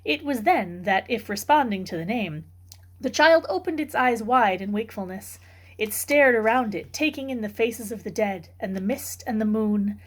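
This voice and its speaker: A woman reading a novel aloud for a book club, in steady, clear storytelling narration. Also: on the high side, normal speed.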